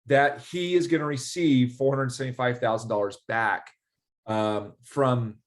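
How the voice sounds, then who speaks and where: Animated man explaining with anecdotes. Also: medium pitch, a little slow. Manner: animated storyteller, acts out quoted dialogue. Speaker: ERC specialist guest. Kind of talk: casual explanatory interview.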